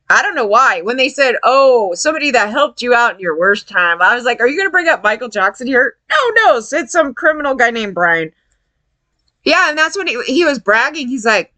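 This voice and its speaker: A woman's voice: medium pitch, no room sound. A woman talking in a casual, rambling way, often laughing and acting out what others said. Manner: rambling, animated, laughs often, quotes people in voices.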